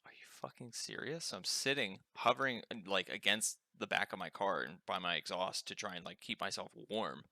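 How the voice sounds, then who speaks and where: A young man swaps stories on a casual podcast, swearing freely and padding his sentences with "like". His voice sits a bit low but comes across bright and forceful. The sound is dry and close, with no room echo. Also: normal speed, hardly any pauses. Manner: profane, animated storyteller with many "like" fillers. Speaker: podcast co-host. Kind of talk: casual storytelling chat.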